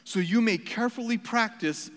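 Pastor, male, fairly high voice, earnest and emphatic sermon with a long hall echo. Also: moderate pace. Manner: earnest, emphatic preaching with repeated phrases and asides. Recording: reverberant hall.

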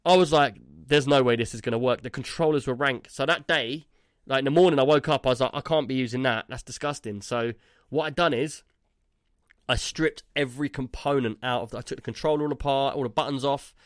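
A man's voice: medium pitch, brisk, dry recording, studio quality. A man, a podcast co-host telling a rambling story in casual chat, tagging his lines with "yeah?" and "like".

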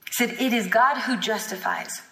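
A woman's voice: a little high, normal speed, vocal fry, a bit bright. A woman teaching a sermon at a healing school, fervent and emphatic, acting out bits of dialogue as she goes. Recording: echoey hall with long reverb.

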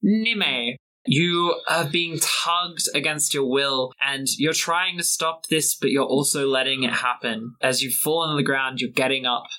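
A man narrating a tabletop game as game master and podcast host, in measured descriptive narration. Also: mid-range voice, rough recording. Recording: soft music under the voice.

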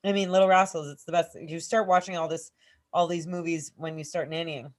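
A woman's voice: on the low side, brisk. Young woman, podcast co-host, casual storyteller with a salty mouth. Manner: swears freely, lively storytelling. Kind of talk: casual chat.

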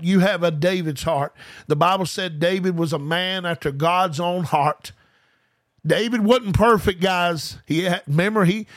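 High-voiced fervent male preacher. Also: a bit bright, no echo. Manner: fervent, repeats key phrases for emphasis; speaks straight to listeners as "guys". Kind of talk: informal podcast sermon.

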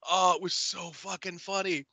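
A man co-hosting a podcast, recapping a movie in casual chat, animated and laughing often. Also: sits high, normal speed, no echo. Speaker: podcast co-host.

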